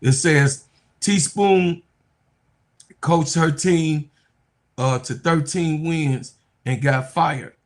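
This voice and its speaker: A sports stream host reads viewer comments in a casual, unhurried chat. This man's voice sits a little high, and he sounds under the weather. He bursts into loud, animated rants. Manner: animated, loud outbursts and drawn-out joking. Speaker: sports talk show host.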